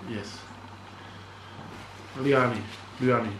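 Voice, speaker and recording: A man chats playfully as he co-hosts a food-eating video and stumbles over unfamiliar names. His voice echoes around the room, and steady background noise hums behind him. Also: medium pitch, extremely slow. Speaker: mukbang channel co-host. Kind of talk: casual chat while eating.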